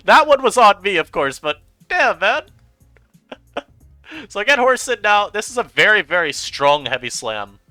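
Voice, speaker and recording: A man giving chatty, animated commentary over his own gameplay as a streamer, laughing often. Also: high-pitched, a little slow, no room sound, faint music behind. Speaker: online game streamer.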